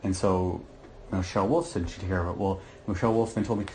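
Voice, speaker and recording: A middle-aged man, telling his story to a therapist in a rambling, halting way with many restarts. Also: deep voice, fairly even intonation, darkish tone, slight background noise. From Michigan, USA. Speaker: client in therapy session. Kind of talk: candid personal account.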